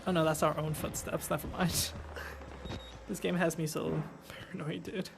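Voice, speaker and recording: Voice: mid-range voice, level tone, normal speed, vocal fry, background noise. A gamer giving let's play commentary, chatty and giggly, talking to viewers.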